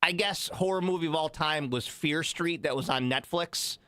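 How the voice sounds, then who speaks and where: A man co-hosting a morning radio show, chatting casually and playfully with quick asides into a studio mic. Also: a little high, bright, forceful tone. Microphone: studio microphone.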